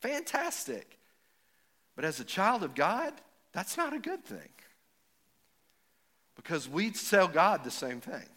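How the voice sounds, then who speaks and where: Bright-voiced middle-aged male preacher. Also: high-pitched, huge pitch swings, takes it slowly, long pauses. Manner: folksy storytelling, rising to emphatic, builds up to jokes. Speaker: pastor. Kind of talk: sermon. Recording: echoey hall with long reverb.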